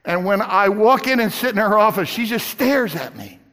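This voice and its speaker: Impassioned high-voiced male preacher. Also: expressive, moderate pace, a bit bright, in a large hall. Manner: impassioned, repeating phrases for emphasis. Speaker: pastor. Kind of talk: sermon.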